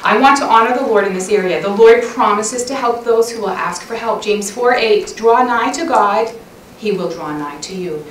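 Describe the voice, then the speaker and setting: A woman's voice: medium pitch, normal speed, distant mic, a little hiss or hum. A woman giving an earnest devotional talk at a women's church session, asking many questions and closing in prayer. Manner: earnest, asks many questions, animated storytelling. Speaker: speaker at a women's conference session. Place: church hall. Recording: echoey hall, voice from off-mic.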